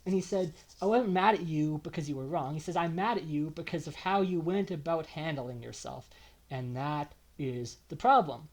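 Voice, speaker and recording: A man's voice: fairly quick, hardly any pauses. A young man telling his own story to camera in an emotional, swearing rant. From Canada. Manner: emotional, ranting, swears often, big swings in pitch and loudness. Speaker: vlogger. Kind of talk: confessional monologue to camera.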